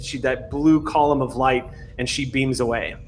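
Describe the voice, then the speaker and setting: A man narrating a tabletop role-playing game as game master, relaxed and often laughing. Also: mid-range voice, moderate pace, soft background music.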